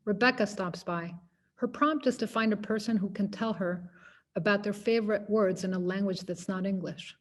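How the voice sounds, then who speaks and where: A woman's voice: mid-range voice, moderate pace. A woman poet giving a poetry reading, narrating in a wry, conversational way. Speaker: poet reading her work.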